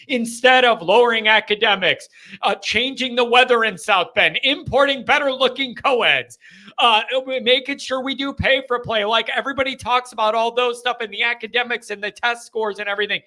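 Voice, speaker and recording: A young man hosting a live call-in fan show, ranting and joking in an animated way. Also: very high voice, normal speed.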